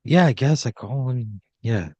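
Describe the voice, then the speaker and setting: Male podcast co-host, lively pitch, skeptical, swears, dry close sound. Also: measured pace, husky, dry recording, highs cut off. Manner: incredulous, swears freely. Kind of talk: casual comedy chat.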